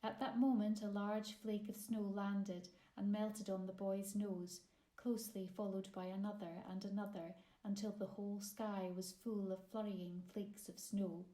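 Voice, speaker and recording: A woman reads a children's story aloud, expressive and measured. Her pace is slow and unhurried at a middle pitch. The room around her voice is echoey. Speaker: author narrating her own children's story. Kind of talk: storybook narration. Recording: roomy echo.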